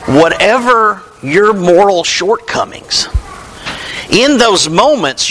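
A male pastor preaching a sermon, retelling Bible stories and acting out their dialogue in an animated way. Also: high voice, a little hiss or hum.

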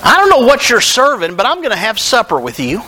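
A man's voice: very high voice, wildly swooping pitch, brisk, sharp tone, slight background noise, voice pushed up, full character voice. A man acting out a kindly teacher who calls someone down from a tree and invites himself to supper. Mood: cheerful.

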